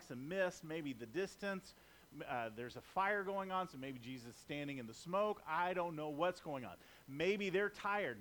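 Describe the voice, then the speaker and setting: A man with a high voice delivers a sermon in a loose, chatty manner. He jokes with the congregation and slips into acted-out quotes along the way. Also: fairly bright tone. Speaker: preacher.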